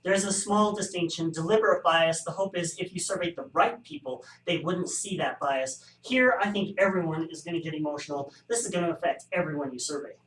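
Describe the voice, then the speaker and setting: A man's voice: a little high, fairly quick, few pauses, fairly bright tone. Wry male statistics lecturer, echoey room. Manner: wry, joking asides. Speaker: statistics instructor. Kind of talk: recorded classroom lecture. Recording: echoey room, distant mic.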